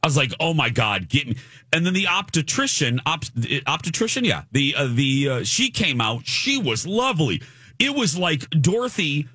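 A man in his forties hosting a radio show, telling a self-deprecating story in an animated way. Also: on the high side, moderate pace, slightly rough, dry recording, studio quality. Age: 40s. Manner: animated, self-deprecating, mimics people he meets. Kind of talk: casual morning-show storytelling. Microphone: studio microphone.

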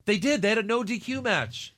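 A man with a bright, fairly high voice recaps the action in casual chat. His pitch moves a lot as he jokes and mocks what he saw, in a sarcastic, animated way. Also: a little fast. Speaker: podcast host recapping wrestling.

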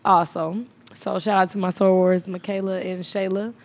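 A woman's voice: medium pitch, little pitch movement, moderate pace, darkish tone. Playful young woman co-hosting. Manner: playful and joking, laughs often. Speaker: podcast co-host. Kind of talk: casual chat.

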